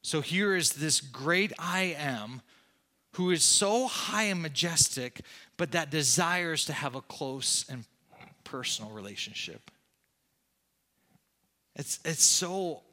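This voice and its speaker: Male pastor, slow measured delivery, impassioned sermon with big swings in volume. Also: fairly high pitch, lively intonation. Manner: impassioned preaching, swinging from loud to hushed.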